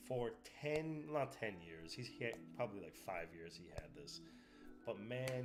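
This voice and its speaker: A man's voice: mid-range voice, lively intonation, measured pace, a bit bright. Emotional swearing man, faint music. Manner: rambling, emotional, heavy swearing. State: tearful. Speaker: streamer. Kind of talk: casual chat.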